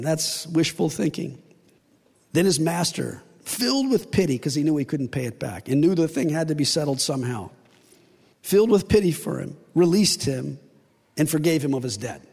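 Gravelly-voiced man preaching in a reverberant hall. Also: a little high, darkish tone. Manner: storytelling, acts out characters with playful asides. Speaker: pastor. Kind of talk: sermon. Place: church sanctuary.

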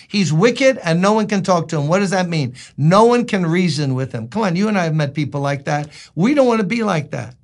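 A man's voice: sits high, expressive, fairly quick, hardly any pauses. A male pastor preaching a sermon in an emphatic, conversational way, asking his listeners rhetorical questions.

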